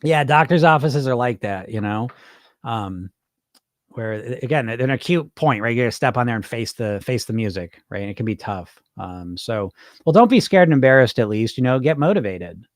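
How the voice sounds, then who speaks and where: Play him as a casual middle-aged weight coach, rambling and swearing loosely. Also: male voice, mid-range voice, moderate pace, no echo, clean studio sound. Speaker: weight loss coach hosting a live stream. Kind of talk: casual live-stream chat reading viewer comments.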